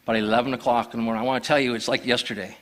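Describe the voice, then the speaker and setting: A man's voice: mid-range voice, steady tone, very fast, fairly bright tone. A man telling his personal testimony to a church, earnestly storytelling and acting out the dialogue. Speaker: church member sharing testimony.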